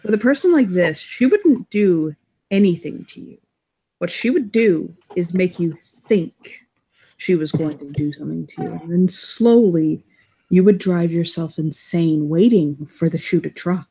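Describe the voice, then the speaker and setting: A sardonic, guarded man with a gravelly, husky edge, as a woman puts him on in a tabletop game. The voice sits low for a woman, and the teasing is delivered dryly. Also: lively intonation, a little slow, mellow, heavily acted. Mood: intense. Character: wry, guarded man who speaks Russian.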